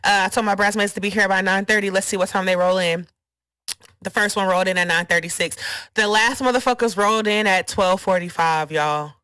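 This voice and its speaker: A woman's voice: mid-range voice, a little fast, bright, forceful tone, clear, resonant tone, no room sound. A woman co-hosting a casual podcast, sassy and blunt, swearing freely. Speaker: podcast co-host. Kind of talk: casual chat.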